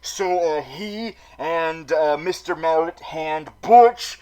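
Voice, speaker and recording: A melodramatic super villain vlogger, played by a man, hosting a comedic recap show. He stammers and repeats words in a high voice, swinging between gushing and grumbling. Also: slow pace, darkish tone, rough recording. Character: theatrical male super villain vlogger, dramatic. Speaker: vlog host. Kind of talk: comedic in-character recap vlog.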